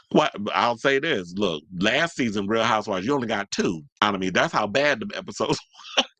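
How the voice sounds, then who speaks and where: A man's voice: medium pitch, pushed and bright, dry recording. A man giving casual celebrity gossip commentary, sassy and blunt, reading out news and riffing on it. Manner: sassy, blunt, reads news aloud and then riffs on it.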